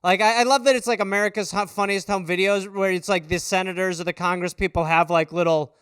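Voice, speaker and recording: A man in his thirties hosting an improvised stand-up show, riffing loudly on news stories, swearing freely and slipping into quick character voices. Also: sits high, steady tone, clear, resonant tone, no room sound, clean studio sound. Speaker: comedy podcast host.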